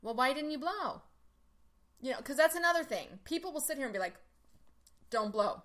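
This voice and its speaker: A woman's voice: high voice, animated, fast, fairly bright tone. A woman in casual conversation, telling stories animatedly with lots of "like" fillers. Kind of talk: casual chat.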